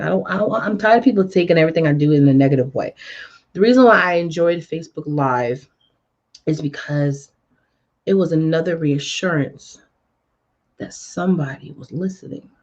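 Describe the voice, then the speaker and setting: A woman radio host telling her story in a casual interview, animated and acting out what people said. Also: on the low side, normal speed. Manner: animated, acts out quoted dialogue. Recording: dull lo-fi audio.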